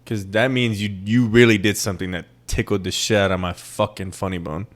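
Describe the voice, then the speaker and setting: A man's voice: lowish voice, steady tone, fairly quick. A young man from the Midwest with a plain Midwestern accent, hosting a casual solo podcast, rambling and self-deprecating and swearing freely. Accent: plain Midwestern American. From American Midwest. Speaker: podcast host.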